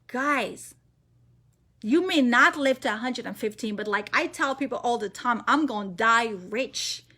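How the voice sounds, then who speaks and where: High bright excited woman presenter. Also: measured pace, husky. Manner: excited, emphatic, repeats points to the audience. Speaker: financial presenter. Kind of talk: energetic sales presentation.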